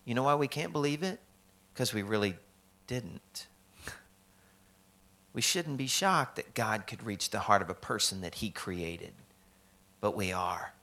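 A man's voice: lowish voice, unhurried, long pauses, pushed and bright. A middle-aged man from the American South preaching a sermon in a conversational, joking way, acting out the people in his stories. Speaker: pastor.

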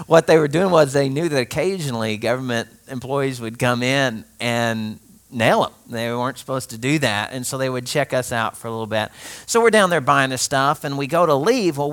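Casting: male pastor, conversational sermon, animated storyteller who laughs often and talks directly to the congregation. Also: medium pitch. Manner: conversational, speaks straight to listeners.

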